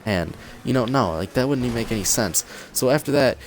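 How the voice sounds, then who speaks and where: A man's voice: mid-range voice, expressive, a little fast, slight background noise. A young man vlogger casually telling a story while gaming, rambling with lots of "like" and acting out the quotes.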